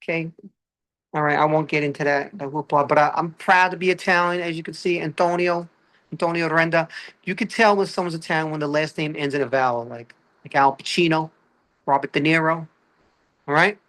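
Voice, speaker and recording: A fairly high-pitched man from Brooklyn, New York, performs stand-up in a Brooklyn accent, talking fairly quickly. Animated and chatty, he keeps dropping "all right" as he addresses the audience.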